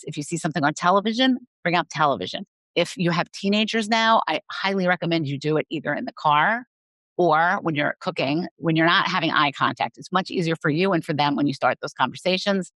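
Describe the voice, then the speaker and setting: A woman's voice: lowish voice, a bit bright, no echo. A woman sex therapist speaking frankly as a guest on an interview podcast, telling personal stories in a candid, open way.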